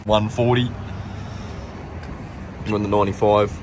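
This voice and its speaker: A young man chatting excitedly to his viewers in a casual car vlog, slangy and upbeat. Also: lowish voice, measured pace, background noise. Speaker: car vlogger. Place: in and around a car, outdoors.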